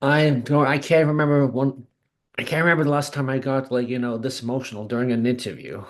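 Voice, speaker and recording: A man hosting an interview, speaking softly and haltingly in a supportive tone. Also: mid-range voice, steady tone. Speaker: interview host. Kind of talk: casual interview chat.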